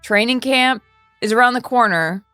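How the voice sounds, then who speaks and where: A woman's voice: a little high, normal speed, bright, forceful tone, clear, resonant tone, no room sound, soft background music. A woman co-hosting a casual sports chat in a playful, jokey way. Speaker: co-host.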